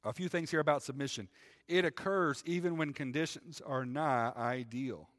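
A man's voice: medium pitch, normal speed, fairly bright tone, long reverb tail. A man preaching a sermon in a church, talking to the congregation in a conversational way and often adding "right?". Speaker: pastor. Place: church sanctuary.

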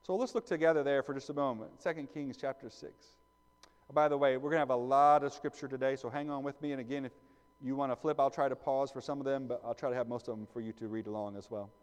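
A male pastor preaches in a casual, conversational way and keeps asking the congregation questions. His voice sits at an ordinary pitch and rings with a long reverb through the church. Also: fairly even intonation, fast. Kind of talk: sermon. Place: church sanctuary.

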